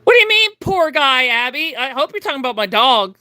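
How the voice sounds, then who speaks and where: A middle-aged woman hosting a livestream, telling a story to her chat in a casual, animated way, often laughing and acting out the people in it. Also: high-pitched, fairly quick, no room sound, studio quality. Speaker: livestream host.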